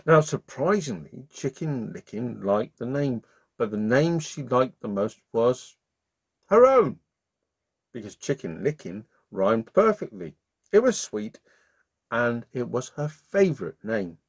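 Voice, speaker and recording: A man's voice: medium pitch, sing-song, slow, slightly rough. A man reading a bedtime story aloud to children in a playful, friendly way as the channel's storyteller. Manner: warm-hearted, playful, sings along.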